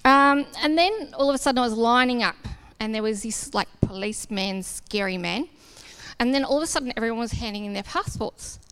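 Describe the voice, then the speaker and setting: A woman's voice: a little high, fairly quick, clean tone. A woman giving a sermon testimony, a casual, self-deprecating storyteller who acts out the dialogue. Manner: lively storyteller acting out dialogue. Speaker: church speaker.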